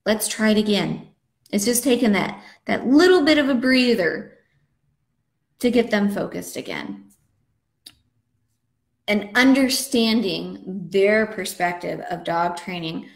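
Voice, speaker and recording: A woman dog trainer explains canine behavior in a chatty, conversational way, with plenty of fillers. Her voice sits at an ordinary middle pitch. The room around her is roomy and echoey. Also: creaky. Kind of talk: live webinar lesson. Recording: roomy echo.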